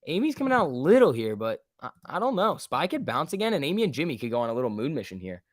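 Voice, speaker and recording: A man's voice: fairly high pitch, big pitch swings, fast, no room sound, clean studio sound. A man hosting a live stock market stream, calling price moves and reading viewer messages in a casual, joking way. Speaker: livestream host.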